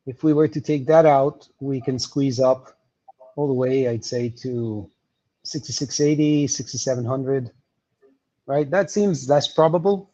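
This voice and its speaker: A man walking through market levels on a livestream, explaining with many pauses and fillers. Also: mid-range voice, mellow, muffled recording. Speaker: market analyst guest.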